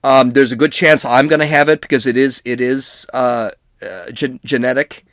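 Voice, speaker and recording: A man's voice: medium pitch, steady tone, moderate pace, fairly bright tone, dry recording. A middle-aged man hosting a podcast, reading news and adding sarcastic asides with frequent restarts. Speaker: podcast host. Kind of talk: casual news commentary.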